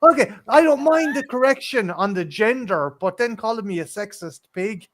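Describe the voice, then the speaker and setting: A man's voice: high-pitched, animated, moderate pace. A man with a Scottish accent chatting casually on a livestream, swearing freely and stammering when he gets worked up. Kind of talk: casual chat.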